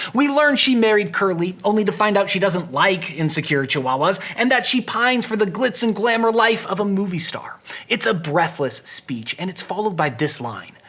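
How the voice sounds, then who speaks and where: A literature explainer giving a casual book summary with wry, chatty asides, dropping to a hushed tone for dark scenes. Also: mid-range voice.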